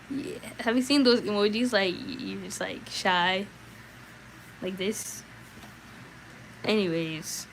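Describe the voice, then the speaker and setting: Young woman, streamer, casual viewer chat, chatty and animated, faint background noise. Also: a little high, low-quality recording. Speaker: streamer reading aloud.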